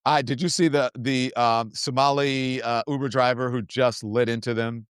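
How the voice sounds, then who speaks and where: A man's voice: mid-range voice, fairly even intonation, moderate pace, smooth, no room sound, clean studio sound. A middle-aged man hosting a political talk show, speaking emphatically and repeating his points for stress. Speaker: host.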